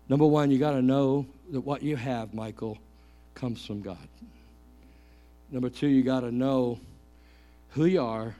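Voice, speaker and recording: A middle-aged male pastor preaching a lively sermon, joking and calling out questions to the congregation. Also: mid-range voice.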